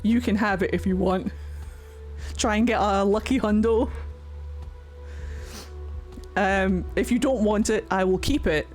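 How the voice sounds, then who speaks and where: A woman's voice: mid-range voice, a little slow, long pauses, darkish tone, faint music behind. A Scottish woman chatting casually on a livestream, talking freely and swearing often. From Scotland. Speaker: streamer.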